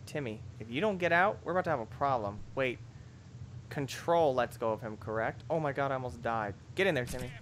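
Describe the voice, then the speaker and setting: A young man giving excitable, jokey commentary over a video game, bursting into shrieks and yells. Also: medium pitch, a little fast, a little hiss or hum. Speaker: gameplay commentator. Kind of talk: let's play commentary.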